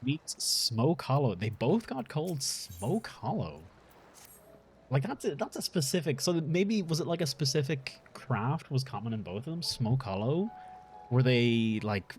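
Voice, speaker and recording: A man's voice: mid-range voice, darkish tone, a little hiss or hum. A young Irish man streaming a game, chatting casually and thinking aloud in a rambling way, with casual swearing. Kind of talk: casual live-stream chat while gaming.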